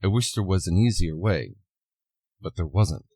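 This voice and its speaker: A man's voice: deep voice, expressive, moderate pace, warm tone, breathy edge, dry recording, voice pushed down, full character voice. A man doing a solemn masked vigilante.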